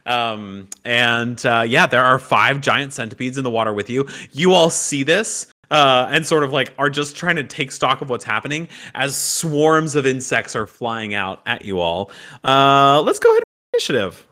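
A man's voice: medium pitch, animated, moderate pace, bright, forceful tone. A man narrating as game master of a tabletop game, laughing often and stopping for fillers and restarts as he describes the scene.

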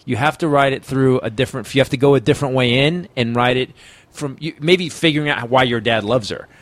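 Animated, swearing comedian storyteller man. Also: medium pitch, fairly quick, no echo. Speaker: comedian guest. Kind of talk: casual podcast conversation.

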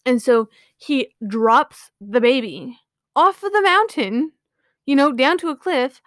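A woman's voice: sits high, animated, takes it slowly, a bit bright, dry recording, clean studio sound. A woman casually retelling a myth to her viewers, rambling with lots of "like" and "you know".

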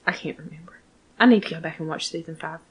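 Animated swearing woman recapping a show. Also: deep voice, quick pace. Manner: animated, swears freely, acts out characters. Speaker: podcast co-host. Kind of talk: casual recap chat.

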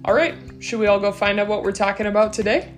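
A woman's voice: medium pitch, fast talker, faint music behind. A woman co-hosting a podcast in easygoing, teasing casual chat. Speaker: podcast co-host.

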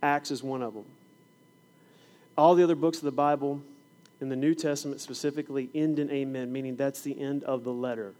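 His mid-range voice is brisk as he folds classroom stories into a sermon. The middle-aged man is both a preacher and a fifth grade science teacher, and he animatedly acts out the scenes he describes.

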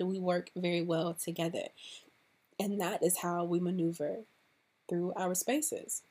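A woman hosting a casual podcast, talking straight to her listeners in an encouraging, relaxed way, with plenty of "um"s and "like"s. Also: lowish voice, a little slow, breathy edge. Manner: encouraging, speaks directly to listeners; relaxed, with fillers like "um" and "like". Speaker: podcast host and coach.

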